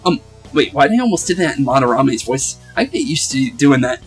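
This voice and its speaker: A man's voice: mid-range voice, very animated, brisk, breathy edge, soft background music, poor audio. A young man giving casual, chatty commentary while playing a game, laughing often as he talks. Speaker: gaming video host.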